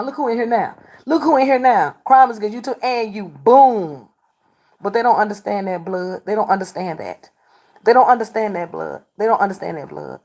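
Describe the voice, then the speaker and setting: A woman's voice: medium pitch, darkish tone. Combative woman scolding her livestream chat. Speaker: livestreamer doing readings. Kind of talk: confrontational livestream talk to chat.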